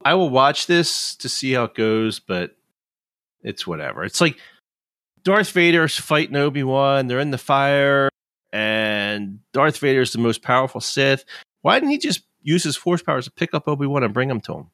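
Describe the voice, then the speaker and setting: A man's voice: mid-range voice, sing-song, normal speed, fairly bright tone, no echo, clean studio sound. A man in his fifties, chatting casually and ranting in frustration, swearing freely. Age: 50s. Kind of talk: casual chat.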